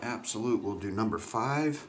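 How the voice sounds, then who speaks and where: A man's voice: lowish voice, lively intonation, measured pace. A man hosting a live card break in casual chat, tired and yawning, reading off players' names as he opens packs. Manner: chatty, reads names off cards, yawning. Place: indoor room at a camera. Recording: noisy stream recording.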